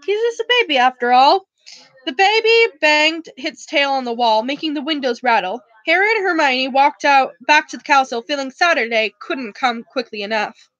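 Woman reading a book out loud, trips over words a lot, high voice, dry dull lo-fi sound. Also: lively intonation, moderate pace, no echo. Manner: stumbling, self-correcting reading. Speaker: book club reader. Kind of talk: casual read-aloud of a novel.

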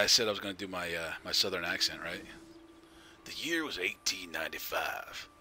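A man's voice: lowish voice, sharp tone, a little hiss or hum. A man streaming a game live, chatting casually, greeting viewers by name and laughing often.

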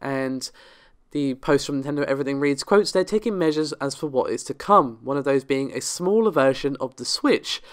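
A man's voice: medium pitch, animated, moderate pace, clear, resonant tone. A man hosting a tech news show in a chatty way, talking straight to viewers, his voice slightly nasal from a cold. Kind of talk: casual tech news commentary.

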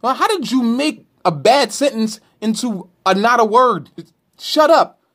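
A stand-up comedian from Brooklyn with a New York accent, ranting brashly with profanity and mocking questions. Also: male voice, very high-pitched, expressive, normal speed, a bit bright. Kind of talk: comedic rant to camera.

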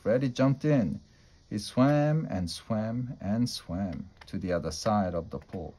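A man's voice: fairly low pitch, slow pace, low-quality recording. Man reading a children's storybook. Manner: plain, steady read-aloud delivery with small slips. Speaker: storybook reader.

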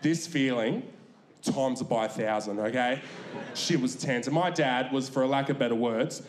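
A man's voice: mid-range voice, moderate pace, reverberant, slight background noise. A young Australian man doing a stand-up routine on a comedy club stage, laid-back and swearing as he tells a story.

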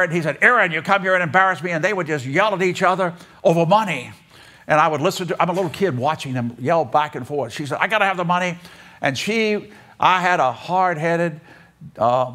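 A man's voice: a little high, a bit bright. An older man giving a sermon in an auditorium, telling folksy childhood stories and acting out the voices in them. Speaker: preacher speaking in a seminary chapel. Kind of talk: storytelling sermon.

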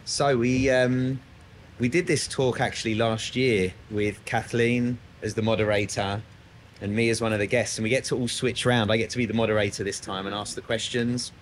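A man with an Australian accent moderating a conference panel, chatty and jokey, with filler pauses. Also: medium pitch, steady tone, slight background noise. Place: conference room.

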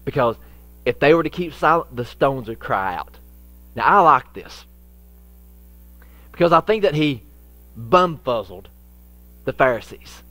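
A man preaching a sermon as pastor, with folksy phrasing, repeated phrases for emphasis, and dramatic swings between loud and hushed delivery. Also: mid-range voice, lively intonation, a little slow, long pauses, no room sound, faint music behind.

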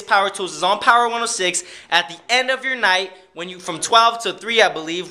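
A man's voice: high-pitched, bright, forceful tone. A young adult man, a DJ and club promoter, talking in a rambling, hyped, playful vlog style with casual swearing.

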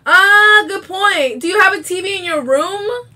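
A woman chatting excitedly while playing a video game, often shrieking and laughing. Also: extremely high pitch, moderate pace. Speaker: gamer playing on stream. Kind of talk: casual gaming commentary.

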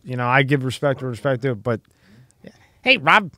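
A man's voice: mid-range voice, animated, moderate pace, sharp tone, no echo, studio quality. A man hosting a podcast in casual chat, profane and self-deprecating, often jumping in. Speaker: podcast host.

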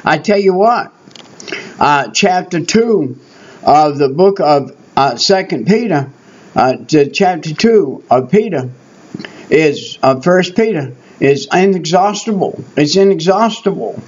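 A man's voice: a little high, lively intonation, takes it slowly, darkish tone. An older man preaching a Bible teaching sermon, emphatic and repetitive, driving his points home. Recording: dull lo-fi recording.

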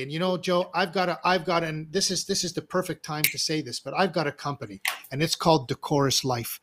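A man hosting a casual interview over a video call, halting with restarts and frankly cursing. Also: a little high, a bit bright. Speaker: host, clarity coach.

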